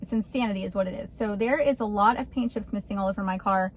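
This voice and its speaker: A woman's voice: mid-range voice, fast talker, a little hiss or hum. Chatty woman. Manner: chatty, exasperated. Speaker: vlogger. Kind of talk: casual vlog. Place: outdoors beside her car.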